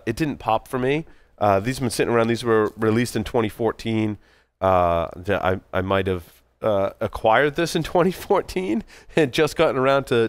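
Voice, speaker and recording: A man's voice: fairly low pitch, clear, resonant tone, no echo. A man co-hosting a casual chat, talkative and self-deprecating, tripping over hard names. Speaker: podcast co-host.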